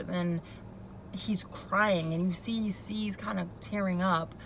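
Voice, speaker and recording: Gossipy woman with a gravelly voice. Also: lowish voice, steady tone, slow, fairly bright tone, a little hiss or hum, rough recording. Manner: gossipy and opinionated, chatty asides. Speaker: YouTube recap vlogger. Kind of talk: casual TV recap commentary.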